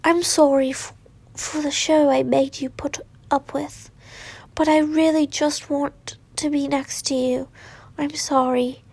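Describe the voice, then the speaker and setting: A woman voicing a shy, tearful young man apologizing to his lover, in a hushed, hesitant way. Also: sits high, steady tone, slow pace. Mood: remorseful.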